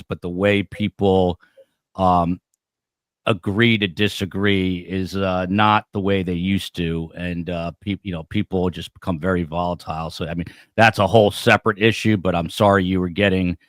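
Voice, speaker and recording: A male podcast host asking a guest questions in a relaxed, conversational way with frequent fillers. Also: low-pitched, no echo, studio quality. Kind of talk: interview questions.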